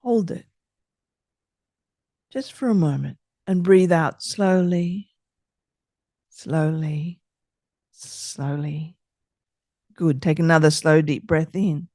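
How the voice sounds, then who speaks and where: A middle-aged woman hosting a podcast, calmly leading listeners through slow breathing exercises with gentle, soothing instructions. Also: sits low, no echo, clean studio sound. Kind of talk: calm guided breathing exercise.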